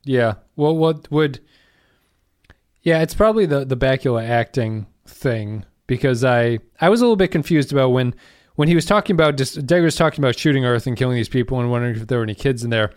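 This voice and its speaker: A man's voice: mid-range voice, fairly quick, darkish tone, no echo, clean studio sound. A man co-hosting a casual podcast discussion, thinking aloud and reading out listener comments. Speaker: podcast co-host.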